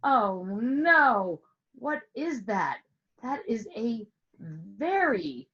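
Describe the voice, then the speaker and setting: A woman's voice: on the high side, very animated, slow pace, pushed and bright, husky, dull audio. A woman music teacher telling a playful story to explain a lesson, asking questions and stretching words for emphasis over an online call. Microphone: online call with screen share.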